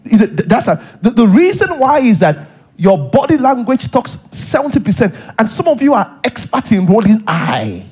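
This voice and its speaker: A man's voice: very high voice, huge pitch swings, moderate pace, a little mellow, slightly rough. A man with a Nigerian accent, a pastor preaching a sermon in a church, acting out little scenes and repeating points for emphasis. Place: church hall.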